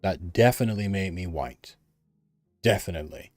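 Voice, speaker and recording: A man's voice: deep voice, moderate pace, darkish tone, no echo, soft background music. A man from the United States giving an emphatic, repetitive opinion monologue, mimicking others in a raised voice. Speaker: commentator.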